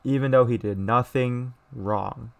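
A man's voice: medium pitch, steady tone, a little slow, vocal fry. A young American man hosting a casual solo podcast, reading a news story aloud and ranting bluntly with plenty of swearing and restarts. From United States. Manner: blunt and profane, with many restarts and mocking voices. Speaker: podcast host.

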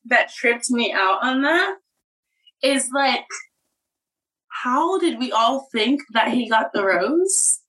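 A woman's voice: fairly high pitch, sing-song, slow pace, pauses often, fairly bright tone, poor audio. A young woman co-hosting a podcast, chatting casually about a reality show, giggly and saying "like" often. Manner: chatty, giggly, uses "like" a lot. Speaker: podcast co-host.

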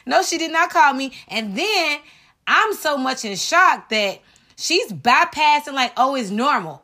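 A woman hosting a podcast, telling a personal story in an animated, dramatic way and speaking straight to her listeners. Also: fairly high pitch. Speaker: podcast host.

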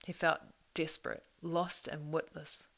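A woman narrating a storybook in a measured, expressive reading. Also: low-pitched, creaky. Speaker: audiobook narrator.

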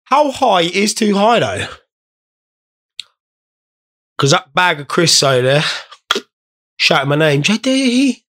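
A man's voice: medium pitch, fairly bright tone. A young man hosting a casual podcast, rambling, swearing and joking while stoned. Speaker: podcast host.

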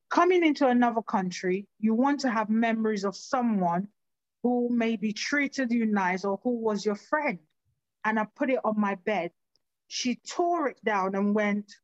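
A woman from Nigeria telling her own life story in an earnest, halting way, often restarting her sentences. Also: mid-range voice, no echo, lo-fi sound. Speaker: personal storyteller. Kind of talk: recounting a personal life story.

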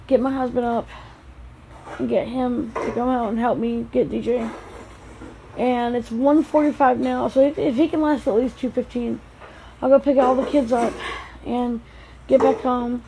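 Woman vlogger, rambling and chatty, slightly high voice, faint road noise behind. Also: gravelly. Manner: rambling, chatty, talking to camera. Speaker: vlogger, mother. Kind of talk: casual daily vlog.

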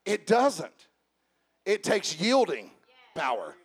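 Here a preacher with a high, husky voice and wildly swooping pitch talks directly to his congregation, mixing in humor. He shouts and stretches out words for emphasis, then sinks into soft asides.

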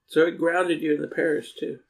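A man with a somewhat high, gravelly voice co-hosts a casual podcast and adds supportive follow-up comments to his partner's story. The sound is roomy and echoey. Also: flat delivery, fairly quick. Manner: supportive interjections and follow-up remarks. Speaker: podcast co-host.

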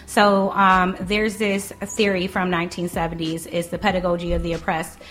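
A woman's voice: lowish voice, moderate pace. Joking woman podcast co-host. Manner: joking, animated. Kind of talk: casual podcast chat.

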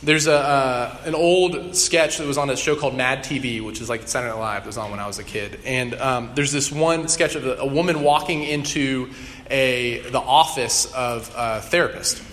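A man's voice: medium pitch, moderate pace, fairly bright tone. A young adult man preaching a conversational sermon with casual ums and restarts. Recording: long hall reverb, faint room noise.

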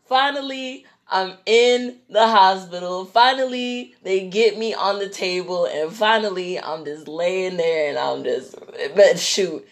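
A woman telling a personal story in an animated, rambling way, acting out the people in it and repeating herself. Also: medium pitch, measured pace, few pauses. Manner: animated, acts out the voices of people in her story; rambling, repeats and restarts phrases.

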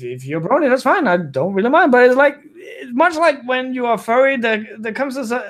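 A man who is not a native English speaker, telling a long story in casual podcast chat, rambling with many restarts. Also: sits high. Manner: rambling, frequent restarts and self-corrections. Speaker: guest storyteller.

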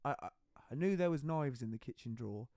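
A man's voice: mid-range voice, expressive, fast talker, darkish tone, no echo, studio quality. A man hosting a casual podcast conversation, talking openly and confidingly and acting out the dialogue he quotes. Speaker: podcast host.

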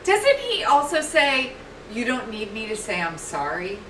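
A woman co-hosting a casual film review podcast, agreeable and quick to chime in. Her voice is lively and moves a lot in pitch. She is recorded from a distance in an echoey room with audible noise behind her. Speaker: podcast co-host.

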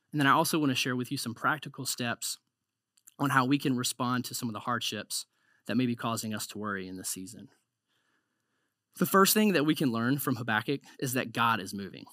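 A man's voice: medium pitch, bright, forceful tone, no room sound, clean studio sound. A man preaching a conversational sermon, often repeating words and saying "like".

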